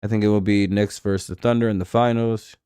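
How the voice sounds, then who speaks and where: A man's voice: on the low side, fairly even intonation, quick pace, mellow, clean tone, dry recording, clean studio sound. A man hosting a live stream, giving rambling, offhand game commentary with casual swearing.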